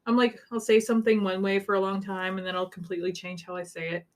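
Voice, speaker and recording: A woman's voice: mid-range voice, flat delivery, fast talker. A young woman with a Canadian accent, co-hosting a casual podcast chat, talking freely with lots of swearing. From Saskatchewan, Canada. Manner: chatty and swearing, laughing often. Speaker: podcast co-host.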